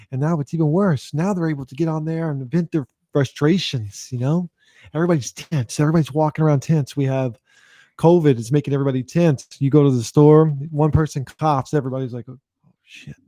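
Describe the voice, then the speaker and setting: A man's voice: fairly high pitch, dark tone, no room sound. A man hosting his own show, talking casually and loosely to the audience, with plenty of swearing and repeated phrases. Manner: loose, profane, repeats himself. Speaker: host. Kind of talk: casual talk to camera.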